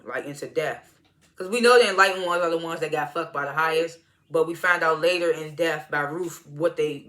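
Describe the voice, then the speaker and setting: Brief: man, TV episode reviewer, casual slangy recap, fairly high and forceful voice, profane, laughs a lot. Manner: slangy, profane, laughs often while recounting scenes.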